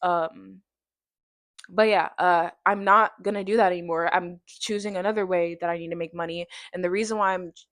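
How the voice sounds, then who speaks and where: A young woman in her twenties, a vlogger chatting casually and tiredly to camera, rambling quickly through tangents with many fillers. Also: lowish voice, steady tone, fairly bright tone, dry recording, clean studio sound.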